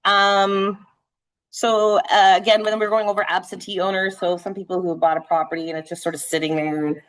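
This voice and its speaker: A woman real estate trainer leading a live sales training session, talking fast and animated, checking in with "right?" as she goes. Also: mid-range voice. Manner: conversational, frequent "right?" checks.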